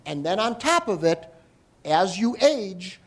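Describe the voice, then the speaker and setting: Man lecturing a live audience, high voice, very lively pitch, animated, explanatory. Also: slow. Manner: animated, explanatory, joking asides. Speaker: hearing health lecturer.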